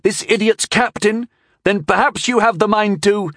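A man voicing an arrogant teenage knight who talks in a shrill, haughty, sneering tone. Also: normal speed, fairly bright tone, no room sound, clean studio sound.

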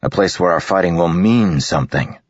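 A man's voice: deep voice, moderate pace, breathy edge, no room sound, dull audio, voice pushed up. A man voicing a stern young male squad leader who gives clipped, firm orders in a storybook. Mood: commanding.

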